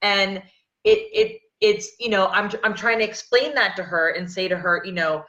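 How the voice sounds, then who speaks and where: A woman in her thirties hosts a casual podcast conversation, speaking earnestly and rambling with many restarts. Her voice is mid-range and a bit bright at a normal speed, and the lo-fi sound is echoey and dull.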